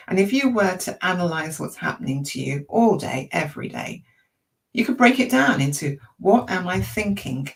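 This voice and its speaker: A woman coaching an online audience in a chatty, encouraging way, with a croaky throat and lots of rhetorical questions. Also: on the low side, distant mic, poor audio. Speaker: emotional intelligence coach. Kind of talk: informal teaching talk to an online audience.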